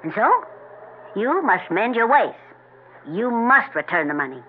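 An actor playing a stern, unseen judge of souls who speaks in a grave, measured way, in 1940s radio acting. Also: male voice, high-pitched, big pitch swings, heavily acted. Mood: ominous. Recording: tinny old radio broadcast.

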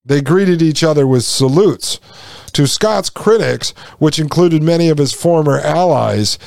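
A man's voice: fairly high pitch, animated, unhurried, gravelly, a little mellow, no room sound. Dry, sarcastic male podcast host. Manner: sarcastic, folksy asides to listeners. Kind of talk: podcast commentary, reading from an article.

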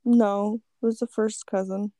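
A woman's voice: medium pitch, fairly even intonation, unhurried, warm tone, dry recording, clean studio sound. A woman telling a story in casual chat, laid-back, with lots of "like" and free swearing.

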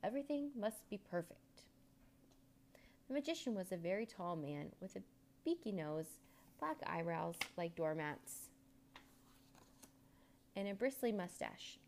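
A woman narrating a children's storybook aloud in an expressive, measured way. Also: lowish voice, creaky, a little hiss or hum.

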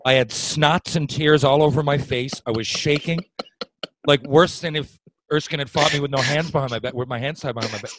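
Profane, animated man spinning a yarn. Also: medium pitch, brisk, noisy background. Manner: profane, animated, swings loud when worked up. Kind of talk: casual storytelling.

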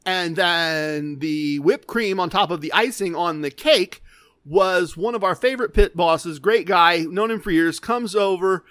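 A man's voice: high voice, unhurried, fairly bright tone, dry recording. A man telling a casual gambling anecdote from bullet points, wry and self-deprecating, often restarting his sentences. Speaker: gambling storyteller.

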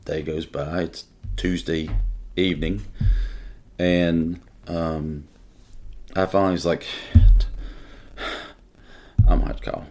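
A middle-aged man, a police detective, telling a personal story in an interview in an earnest, emotional way with halting restarts. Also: sits low, steady tone, darkish tone, soft background music.

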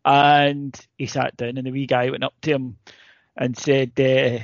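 A man with a Scottish accent, a podcast co-host telling stories in animated, casual chat. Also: mid-range voice, unhurried, vocal fry, no room sound. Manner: storytelling, animated, swears casually. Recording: slightly dull lo-fi, dry.

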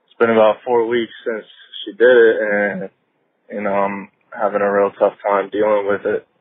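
A man from North Carolina calling in, choked up and hesitant, speaking haltingly about a breakup. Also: lowish voice, little pitch movement, no room sound. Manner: hesitant, halting with many fillers. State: choked up, fighting tears. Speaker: caller. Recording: tinny phone line.

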